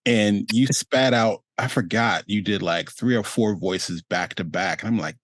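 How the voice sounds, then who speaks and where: Low-ish guy hosting a chill video call interview, rambly, dry sound. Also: a little slow, dry recording. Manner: relaxed, rambling, many fillers. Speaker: host. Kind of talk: casual interview chat.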